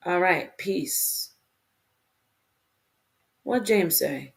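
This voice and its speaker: Give me a woman with a fairly low voice hosting a livestream, chatting to viewers and correcting herself. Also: unhurried. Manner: self-correcting, animated, talks to herself and viewers. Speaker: livestream host. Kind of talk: solo livestream talk to chat.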